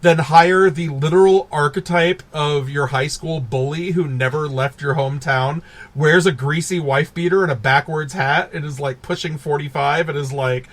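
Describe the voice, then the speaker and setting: Man, podcast co-host, casual chat, slightly higher voice, animated, laughs often. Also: moderate pace. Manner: animated, laughing, acts out movie characters in quotes.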